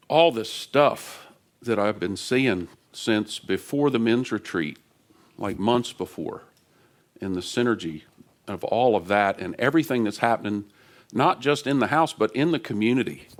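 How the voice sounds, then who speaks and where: Male guest preacher, casual and excitable, talks loosely into a stage mic in a church. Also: fairly low pitch. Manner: animated and chatty, laughs often. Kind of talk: lively conversational sermon. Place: church sanctuary. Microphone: stage microphone.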